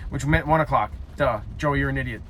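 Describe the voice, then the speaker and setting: A young man reading a story aloud haltingly, breaking off for loud self-mocking side comments. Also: medium pitch, slight background noise. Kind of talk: casual read-aloud with joking asides.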